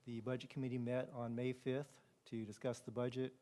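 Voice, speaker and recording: A man's voice: mid-range voice, little pitch movement, brisk, mellow, a little hiss or hum. A man giving a brief formal statement as budget committee chair.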